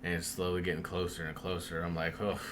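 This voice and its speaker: A man's voice: low voice, quick pace, a little hiss or hum. Casual man telling a spooky story. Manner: swearing, animated, laughs often. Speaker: podcast host telling a story.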